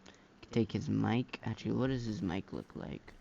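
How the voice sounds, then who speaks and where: A man's voice: on the low side, steady tone, moderate pace, gravelly, darkish tone, slight background noise. A man giving casual gameplay commentary as a mod reviewer, rambling with many fillers and slang, recorded on a dull lo-fi mic.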